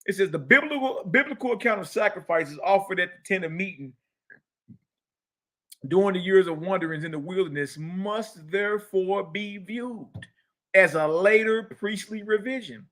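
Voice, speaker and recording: A man's voice: high-pitched, normal speed. A man giving a mocking, slangy religious lecture, reading passages from a book aloud and riffing on them. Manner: mocking, preachy, slangy and lively, reads passages aloud then riffs. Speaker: teacher.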